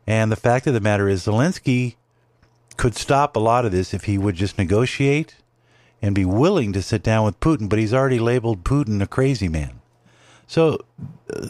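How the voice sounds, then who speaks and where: A man's voice: fairly low pitch, a little mellow, dry recording. A man hosting a podcast, giving a rambling, opinionated commentary monologue with many fillers and restarts. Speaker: podcast host. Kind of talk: casual political commentary monologue.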